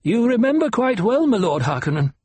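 A man reading an audiobook, voicing a broken but defiant old male doctor who speaks in a strained, oddly measured cadence. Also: high-pitched, very animated, darkish tone, slightly rough, no echo, pitched above the performer's own voice, full character voice. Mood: pleading.

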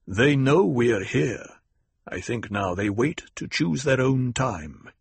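A man voicing a grave desert tribal leader who speaks slowly and ruefully, in a husky voice. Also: medium pitch, lively intonation, no echo, exaggerated voice. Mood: measured. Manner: slow, measured, rueful. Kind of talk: audiobook character voice.

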